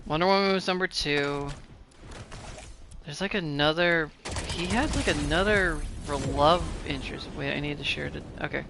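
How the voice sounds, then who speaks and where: A man's voice: fairly high pitch, normal speed, vocal fry, noisy background. A man giving casual, rambling commentary while playing a game, laughing often and mocking himself. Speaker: gamer.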